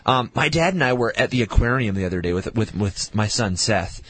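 A man's voice: on the low side, expressive, a little fast, a bit bright, no room sound. A man in his thirties in a casual podcast chat who earnestly steers the talk with examples. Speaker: co-host.

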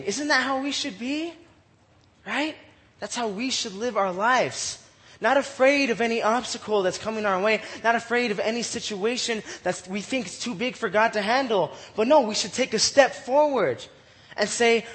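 A man's voice: sits high, lively intonation, unhurried, fairly bright tone, in a large hall. A man leading a casual Bible study, reading verses aloud and retelling them in chatty slang with frequent laughs.

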